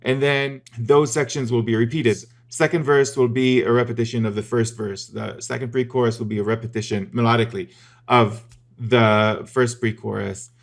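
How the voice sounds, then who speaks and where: A man's voice: mid-range voice, steady tone, moderate pace, gravelly. A man teaching music theory in a casual, methodical video lesson, explaining step by step with the odd filler.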